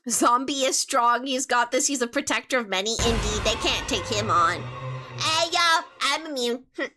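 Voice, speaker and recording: A woman's voice: a little high, animated, normal speed, music in the background. A woman streamer with a childlike, youthful-sounding voice, chatting casually and playfully as she reads and answers her chat. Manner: playful and chatty, with teasing asides.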